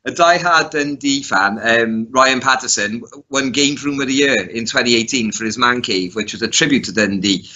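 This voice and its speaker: A man's voice: medium pitch, moderate pace, hardly any pauses, pushed and bright, highs cut off. A man co-hosting a casual chat, talking loosely and laughing often. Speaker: co-host.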